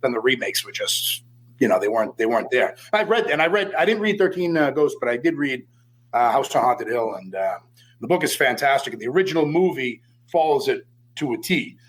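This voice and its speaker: A man's voice: mid-range voice, big pitch swings, brisk, fairly bright tone, breathy edge, rough recording. A man from Boston, a podcast guest, talking casually with lots of fillers and swearing. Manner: hesitant, many fillers, swears. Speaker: podcast guest, metal vocalist. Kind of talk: casual chat.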